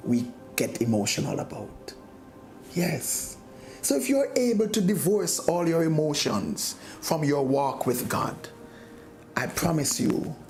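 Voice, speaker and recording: A man preaching a sermon as a bishop, slow and deliberate, rising to emphatic points. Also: medium pitch, darkish tone. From Jamaica.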